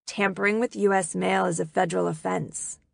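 A woman reading the part of a confident, teasing teenage boy in an audiobook, lowering her voice a little for him. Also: steady tone, brisk, gravelly, no echo.

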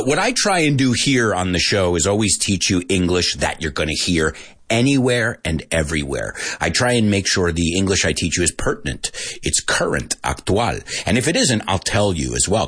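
A man's voice: sits low, sing-song, moderate pace, a bit bright, breathy edge. A man hosting an English lesson show, talking casually and animatedly, often laughing and slipping into Spanish. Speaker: English teacher host. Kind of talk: energetic radio show chat.

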